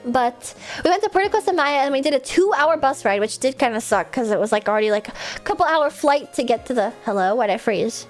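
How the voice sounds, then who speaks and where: A woman's voice: high voice, expressive, brisk, soft background music. A young woman livestreamer chatting casually, bubbly and rambling, laughing often and swearing offhand. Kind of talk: casual stream chat.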